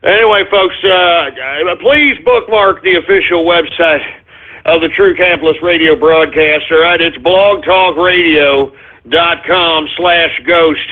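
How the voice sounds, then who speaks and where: A man's voice: on the high side, unhurried. Winded, agitated radio host man. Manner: agitated, swearing, out of breath. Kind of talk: call-in radio talk. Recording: phone-like narrow audio.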